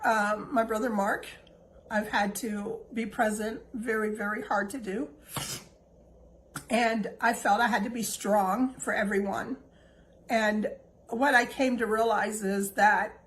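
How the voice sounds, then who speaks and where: A middle-aged female host gives a reflective, heartfelt monologue in a fairly high voice, gentle and reassuring in manner. Her emotion shows, and she seems close to crying. The audio is poor.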